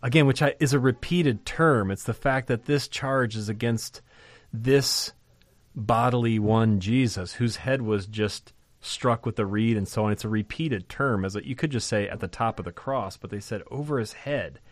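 A man teaching from a scripture passage in a conversational but emphatic way, often pausing to ask rhetorical questions. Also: medium pitch, no room sound. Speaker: Bible teacher.

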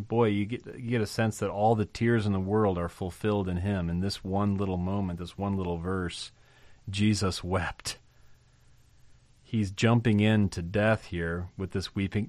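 A man preaching a sermon, asking rhetorical questions and swinging between loud emphasis and soft, slow stretches. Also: fairly low pitch, no echo.

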